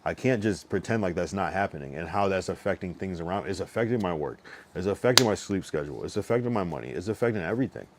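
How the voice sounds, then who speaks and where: Talking fast with lively intonation, a young man with a low voice chats on his livestream, cursing and throwing around slang. He's drunk, overfull, and slightly winded, and a little hiss or hum sits under the audio.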